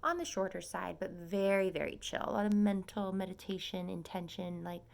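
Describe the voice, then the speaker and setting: A young woman talks to camera from her small apartment in a chatty, gushing way, her voice carrying a gravelly fry. She often sinks into a soft whisper, then brightens again. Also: lowish voice, normal speed. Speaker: nursing student vlogger. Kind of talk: casual vlog update.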